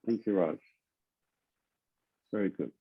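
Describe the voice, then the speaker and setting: A man's voice: sits low, slow, husky. A man, a spiritual teacher, speaking bluntly and insistently in an online group meeting and hammering his points home. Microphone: video call. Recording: tinny video call audio.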